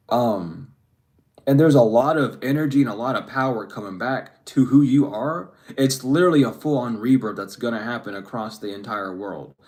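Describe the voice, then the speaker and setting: A man's voice: mid-range voice, a little mellow. A man delivers a casual spiritual reading in an unscripted monologue. He talks bluntly, swears often and rambles, restarting his sentences as he goes. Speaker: spiritual reader.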